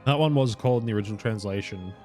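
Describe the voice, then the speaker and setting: Young man, low voice, casual game stream chatter, rambling, self-correcting, faint music behind. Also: very fast, mellow. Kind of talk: casual live gameplay commentary.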